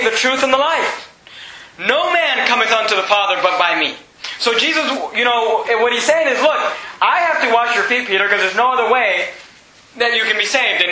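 A man's voice: extremely high pitch, pushed and bright. A man preaching a casual, conversational sermon, paraphrasing scripture and often repeating himself. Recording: echoey room with faint noise.

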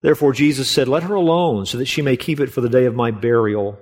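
A man's voice: mid-range voice, quick pace. A male pastor preaching an expository sermon, reading scripture aloud and stressing points by repeating them. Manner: steady teaching tone, reads scripture aloud.

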